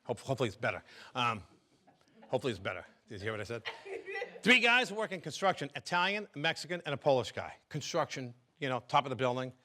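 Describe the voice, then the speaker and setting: A man's voice: mid-range voice, very animated, quick pace, bright, forceful tone. An older man doing a stand-up comedy set, telling jokes in a rambling, stumbling, chatty way.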